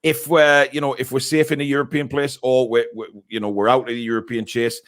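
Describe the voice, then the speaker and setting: A man's voice: mid-range voice, flat delivery, a little fast. Chatty male podcast host. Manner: chatty, reacting with filler words. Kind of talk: casual live-stream chat.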